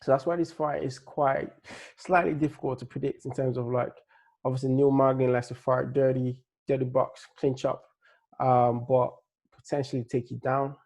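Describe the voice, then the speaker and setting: A man's voice: mid-range voice, level tone, normal speed, a little mellow. A man giving a laid-back, rambling breakdown of upcoming fights, with a slight Nigerian-tinged accent and plenty of fillers and restarts. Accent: Nigerian-tinged English. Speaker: MMA fight analyst. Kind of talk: casual fight-prediction breakdown.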